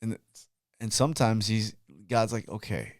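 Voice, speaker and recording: A male podcast host with a mid-range voice, recorded dry. He comes in with reassuring, encouraging remarks in a relaxed conversational way. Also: mid-range voice, moderate pace, dry recording.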